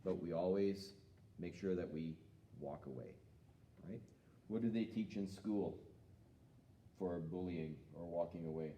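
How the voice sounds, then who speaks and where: A man teaching a children's jiu-jitsu lesson in a calm, patient way, asking the student questions. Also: low-pitched, unhurried, long pauses, roomy sound, dull audio, a little hiss or hum. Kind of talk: live-streamed kids' lesson. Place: martial arts school.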